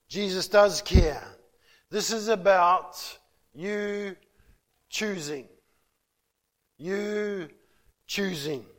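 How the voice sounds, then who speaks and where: A man delivers a sermon in a warm church hall, repeating his key phrases for emphasis. His voice sits high and his pace is slow and measured. The room adds a long, ringing reverb. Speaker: preacher.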